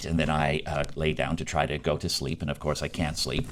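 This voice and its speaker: A middle-aged man, a working actor telling a self-mocking story in a casual, animated way, laughing between lines. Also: deep voice, quick pace, hardly any pauses.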